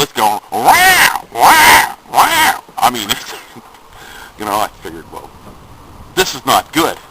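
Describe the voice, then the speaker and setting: A man's voice: sits low, background noise. A man telling a long joke in a rambling, chatty way, chuckling at his own story. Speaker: joke teller. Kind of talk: casual spoken joke storytelling.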